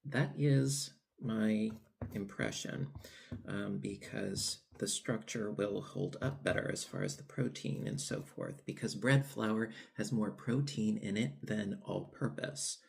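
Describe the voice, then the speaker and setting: A man's voice: fairly low pitch, very animated, slow pace, vocal fry. A man hosting a home baking channel, chatting casually and rambling with lots of fillers and restarts while tasting his bread. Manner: savoring food while talking. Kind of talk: casual cooking vlog talk.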